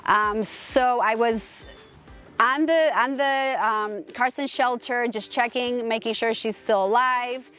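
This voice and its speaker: A woman's voice: on the high side, takes it slowly, fairly bright tone, faint music behind. A woman host telling a personal story in a casual, rambling way, emphatic and gushing, with many restarts. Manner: rambling, full of restarts and fillers.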